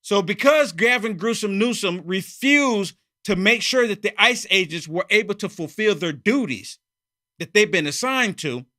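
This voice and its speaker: A man's voice: high-pitched, lively intonation, normal speed, bright, forceful tone. A man hosting a heated political opinion monologue, repeating himself and mocking opponents. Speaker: political commentary host.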